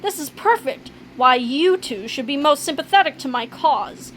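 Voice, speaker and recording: A woman's voice: high-pitched, expressive, normal speed, a bit bright, slight background noise. A woman voicing a grandiose, self-important male monkey scientist in a read-aloud comic story.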